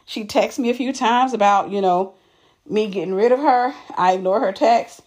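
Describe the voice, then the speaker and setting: A woman's voice: mid-range voice, moderate pace, a little mellow. A woman telling a personal story straight to the camera in a casual, emphatic way, often restarting and repeating words. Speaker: vlogger.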